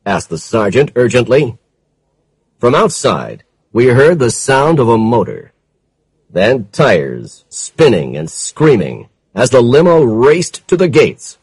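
A man narrating a first-person detective audiobook in a measured, dramatic storytelling manner. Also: medium pitch, big pitch swings, breathy edge, no room sound, rough recording.

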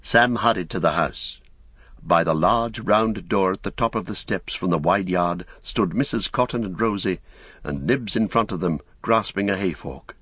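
A man narrating an audiobook in a measured storytelling manner. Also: low-pitched, fairly bright tone, slightly rough, no room sound, clean studio sound.

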